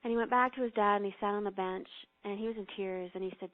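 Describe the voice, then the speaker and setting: A woman guest telling a story and leading a guided meditation, earnest and gently instructive. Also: medium pitch, fairly even intonation, quick pace, hardly any pauses. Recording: phone-line audio.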